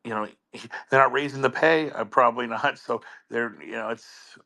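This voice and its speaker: A man in a casual chat who talks haltingly, restarting and repeating words often. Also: mid-range voice, steady tone, vocal fry, bright, forceful tone.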